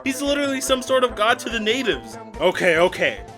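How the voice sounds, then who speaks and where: A man's voice: very high-pitched, very animated, brisk, bright, forceful tone, faint music behind. A young man giving a sarcastic comedic film review, with exaggerated outbursts.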